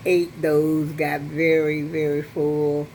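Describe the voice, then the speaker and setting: A woman's voice: low-pitched, level tone, slow pace, a little mellow, a little hiss or hum, rough recording. An older woman telling a rambling, chatty story to her phone camera at home. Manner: rambling, chatty, with many restarts and asides. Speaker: vlogger. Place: apartment at home. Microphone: phone on a selfie stick.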